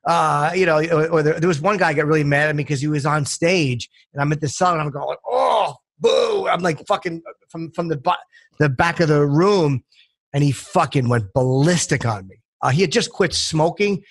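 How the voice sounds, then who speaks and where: A man's voice: fairly high pitch, fairly quick. A man guesting on a podcast, talking bluntly and self-deprecatingly, with plenty of swearing. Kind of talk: casual chat.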